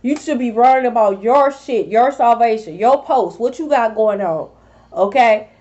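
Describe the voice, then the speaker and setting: A woman's voice: a little high, moderate pace, a little mellow, lo-fi sound. A woman tarot reader scolding her rivals in a sassy, profane vlog monologue. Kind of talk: confrontational spiritual vlog monologue.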